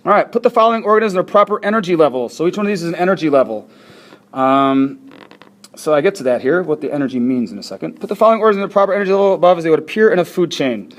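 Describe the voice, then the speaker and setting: A male teacher talks students through a worksheet, chatty and encouraging and quick to laugh at his own mistakes. His voice sits a bit high for a man and swings up and down with lively energy. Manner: chatty, self-deprecating, encouraging. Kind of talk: recorded classroom lesson walkthrough.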